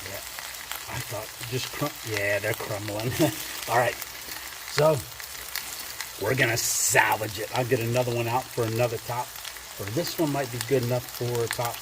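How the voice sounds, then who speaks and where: A man vlogging while cooking at an outdoor camp, chatty and quick to laugh, sometimes dropping to a hushed voice. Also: medium pitch, fairly even intonation. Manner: chatty, laughs often, talks quietly at times. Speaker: camping vlogger. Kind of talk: casual cooking narration. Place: outdoors under a covered bridge. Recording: noisy outdoor camp recording.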